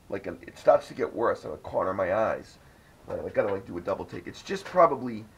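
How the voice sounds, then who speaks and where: A man's voice: on the low side, husky. A man hosting a casual podcast, telling a rambling, profanity-laced story. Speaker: podcast host. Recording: dull lo-fi audio with faint noise.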